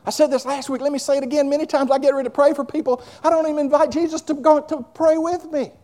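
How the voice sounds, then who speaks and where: Fervent high-voiced male preacher. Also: steady tone, quick pace, a little mellow. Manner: fervent, building to hollering, conversational asides. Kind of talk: sermon.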